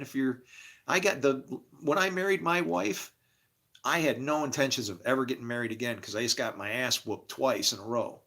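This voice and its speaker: A man's voice: medium pitch, pushed and bright. A middle-aged man talking candidly in a rambling, casual monologue, laughing often. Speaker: podcast host.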